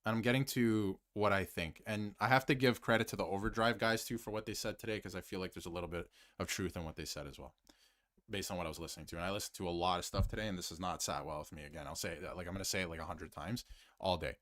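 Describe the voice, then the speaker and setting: A man's voice: low voice, fast, fairly bright tone. A man hosting a sports commentary stream, ranting heatedly about his team, repeating phrases for emphasis and dropping to muttered asides. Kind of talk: fired-up solo hockey rant to camera, reading super chats.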